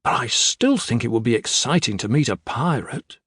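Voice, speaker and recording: A man's voice: mid-range voice, expressive, normal speed, a bit bright, breathy edge, dry recording, clean studio sound. A man voicing a dreamy, adventurous young woman in a raised, lighter voice. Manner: dreamy, wistful.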